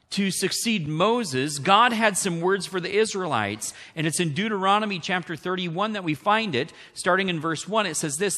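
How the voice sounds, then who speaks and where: A man preaching a sermon as pastor, animated and often asking the congregation questions. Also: high voice. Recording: long hall reverb.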